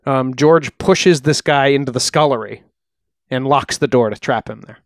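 A man co-hosting a podcast, recounting a true-crime case in a relaxed, chatty way with frequent ums. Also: medium pitch, normal speed, no room sound, studio quality. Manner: relaxed, uses fillers like uh and um. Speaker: podcast co-host. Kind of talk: casual true-crime storytelling.

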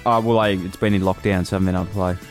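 Young Aussie guy, lowish voice, sarcastic and sweary in podcast banter, faint music underneath. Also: fairly even intonation, very fast. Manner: teasing, sarcastic, swears freely. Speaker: podcast co-host. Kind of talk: casual banter. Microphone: remote call recording.

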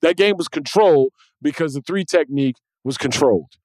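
A man hosting a sports podcast, talking in a casual, animated way with emphatic restarts. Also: fairly high pitch, brisk, no echo. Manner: animated, emphatic, repeats words when he restarts. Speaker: podcast host.

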